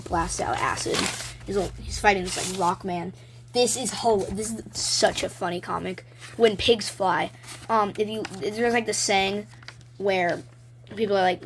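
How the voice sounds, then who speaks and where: A woman's voice: fairly low pitch, slight background noise. A woman vlogging casually and rambling, with many ums and likes, as she shows her own drawings. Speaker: video maker. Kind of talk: casual show-and-tell vlog.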